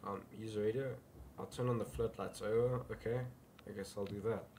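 A man's voice: lowish voice, steady tone, brisk, a little mellow, slight background noise. A man casually commenting while playing a game, mumbling jokey asides to himself. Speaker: gaming video host. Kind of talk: casual let's-play commentary.

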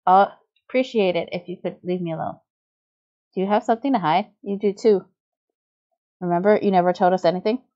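A woman voicing a cold, scheming young man who personifies Russia, calm and coldly dismissive, in a fan voice-over of a game. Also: fairly low pitch, brisk, pauses often, dull audio, natural voice.

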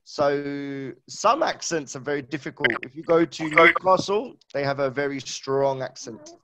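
A man with a London accent, talking with students as a guest speaker and explaining things slowly and clearly. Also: fairly high pitch, background noise. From England. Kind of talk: casual online class chat.

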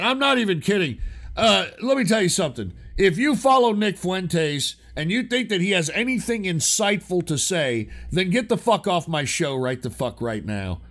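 Profane ranting radio host, gravelly. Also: male voice, high voice, very animated, moderate pace, a bit bright. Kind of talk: call-in radio talk show.

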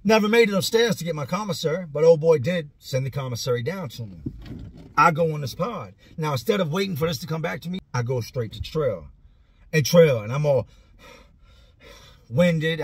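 A man telling a profane, animated story about his own past in a casual, conversational way. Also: fairly high pitch, breathy edge, no room sound. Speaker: vlogger telling prison stories.

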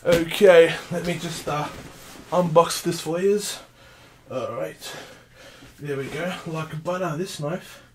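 An excitable man chatting casually through a console unboxing for his vlog, calling everyone mate. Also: fairly high pitch, slow pace, pauses often, slight background noise. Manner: excitable, says mate a lot. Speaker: gaming vlogger.

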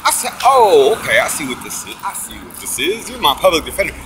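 Over background noise, a man with a mid-range voice talks quickly and casually about his own court case. He's animated and profane, swearing often, acting out what others said, and preaching about faith.

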